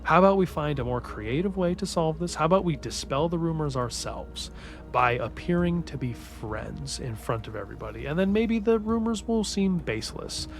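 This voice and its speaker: Guy doing a flustered seductress, way higher voice, freaking out. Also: animated, moderate pace, faint music behind. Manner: high-pitched, panicky, defensive.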